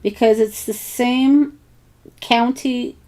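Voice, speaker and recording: A woman's voice: fairly high pitch, fairly even intonation, slow pace, a little mellow. A woman hosting a crafting tutorial, thinking aloud in a casual, hesitant way with many ums and bits of self-talk. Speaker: craft channel host.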